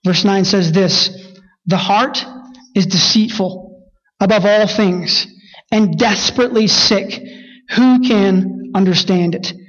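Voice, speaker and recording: A man's voice: fairly bright tone, highs cut off. A man preaching a sermon, reading scripture and rising sharply when he rebukes. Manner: preaching, rises high and fast when rebuking. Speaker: pastor.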